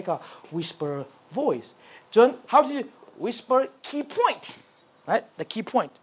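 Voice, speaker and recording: A middle-aged man runs a training session for Sunday school teachers. His voice is very lively in pitch, and he swings from hushed whispers to loud calls to show how it is done. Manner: animated, swings between whisper and shout to demonstrate. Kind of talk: teaching workshop, mixing languages.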